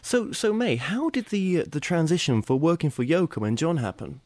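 Expressive male interview host. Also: fairly high pitch, moderate pace, dry recording. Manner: friendly conversational, some fillers and restarts. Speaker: radio show host. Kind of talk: interview hosting.

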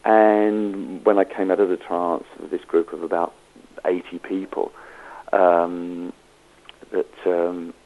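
Male guest, low voice, anecdotal storyteller who voices his quotes. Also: flat delivery, slow, vocal fry, darkish tone, rough recording. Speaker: medium. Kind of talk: storytelling interview.

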